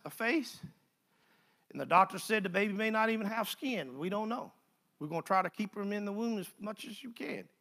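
An older man preaching, his voice high, bright and gravelly. He moves between hushed, personal storytelling and fervent, rising exhortation in a folksy sermon style. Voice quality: folksy Southern phrasing.

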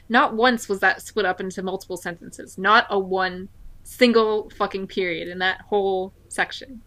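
A woman with a medium-pitched voice co-hosts a casual book-discussion podcast. She is sarcastic and reads passages aloud with mock drama. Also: steady tone, moderate pace, bright, forceful tone. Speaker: podcast co-host.

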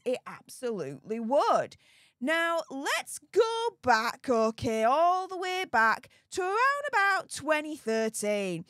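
A woman's voice: high voice, a bit bright, no echo, clean studio sound. A woman hosting a casual celebrity gossip commentary, chatty and dramatic, drawing out words for emphasis. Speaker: commentary channel host.

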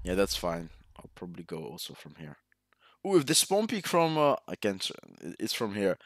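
A man commentating his own ranked match over a headset, teasing and mock-insulting his teammates, with sudden loud outbursts. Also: low voice, huge pitch swings, normal speed, no echo, clean studio sound. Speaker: gaming video host. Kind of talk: live gameplay commentary over voice chat.

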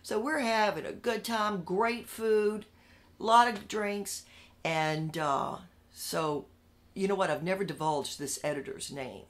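A woman telling her story in a candid interview, animated and emphatic, repeating phrases for punch and swinging between loud outbursts and hushed asides. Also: mid-range voice, measured pace.

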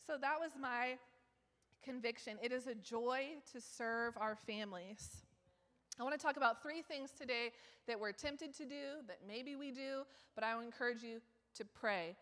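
A woman preaching a sermon in a church, chatty and self-mocking, laughing often and rising to loud exclaims. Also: on the high side, moderate pace. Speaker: guest preacher. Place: church sanctuary. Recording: long church hall reverb.

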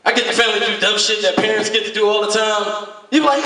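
A man performing a stand-up comedy set, animated and profane, often laughing as he talks. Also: sits high, racing. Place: room at a recovery meeting. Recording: echoey room, distant mic, crowd laughter. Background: audience laughter.

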